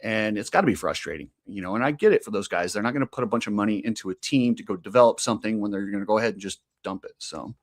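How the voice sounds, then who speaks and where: A man's voice: fairly low pitch, very fast, hardly any pauses. Chatty opinionated man talking motocross. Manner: chatty, opinionated, laughs easily. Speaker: podcast co-host. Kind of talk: casual motocross chat.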